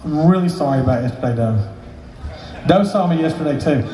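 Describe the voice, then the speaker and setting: A man's voice: a little high, fairly quick, mellow. Rambling, profane storyteller man. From Southern US. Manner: rambling, profane, joking asides. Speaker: storyteller, luthier. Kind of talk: casual live storytelling. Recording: echoey hall, distant mic, faint ambience.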